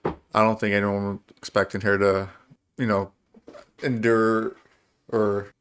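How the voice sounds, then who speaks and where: A man's voice: lowish voice, flat delivery, a little slow, a bit bright, clean tone. A man co-hosting a podcast, easygoing and amused in a casual movie review chat. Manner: laid-back, amused, easygoing.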